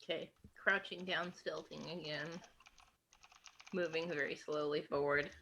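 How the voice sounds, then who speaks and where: A woman playing in a tabletop game, animated and quick to laugh. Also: sits low, gravelly, lo-fi sound, a little hiss or hum. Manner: animated, laughing, slow-spoken. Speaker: player.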